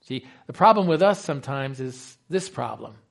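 A man preaching a sermon as pastor, animated and acting out the quoted dialogue. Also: medium pitch, moderate pace, vocal fry.

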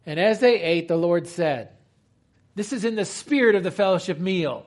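A man's voice: sits high, animated, normal speed. A man preaching a teaching sermon in a conversational, explanatory way, asking rhetorical questions.

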